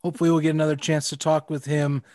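A man's voice: on the high side, level tone, racing, darkish tone, no echo, clean studio sound. A man co-hosting a casual sports podcast, talking hesitantly with lots of restarts. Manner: hesitant, many restarts and fillers. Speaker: podcast co-host.

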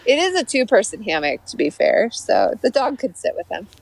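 A woman chatting casually on a video call, relaxed, with laughing asides. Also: on the high side, fairly quick, gravelly, no echo, low-quality recording.

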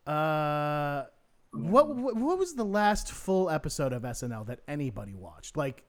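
A man's voice: a little high, big pitch swings, moderate pace, clean tone. A man hosting a podcast in casual chat, joking and restarting his words. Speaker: podcast host.

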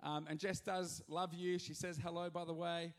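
A male pastor giving an animated, joking sermon with sudden loud rises in a church hall. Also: fairly high pitch, moderate pace. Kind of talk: energetic sermon.

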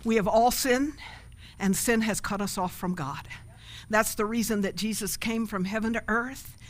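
A woman's voice: medium pitch, normal speed. A woman pastor preaching a sermon and leading an altar call, emphatic and calling for responses from the congregation.

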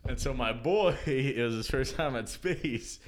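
A man's voice: medium pitch, measured pace. A young man telling a story in a casual podcast chat, laughing often, acting out the people he met, in a slangy, profane way.

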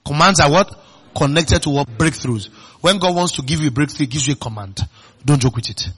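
Preaching with a Nigerian accent, this male pastor sounds animated and husky and talks fairly quickly. He keeps quizzing the congregation in call-and-response fashion, his delivery jumping from booming emphasis to hushed, low remarks.

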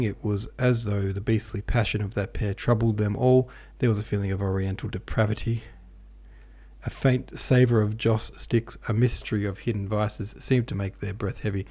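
A man reading a classic novel aloud as an audiobook narrator, with a measured, even delivery. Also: lowish voice. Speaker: podcast host and audiobook reader.

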